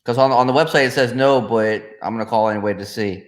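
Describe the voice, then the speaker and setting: A man's voice: medium pitch, fast talker. A man chatting casually with a friend on a podcast, answering in a matter-of-fact way. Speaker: guest and friend. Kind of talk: casual chat.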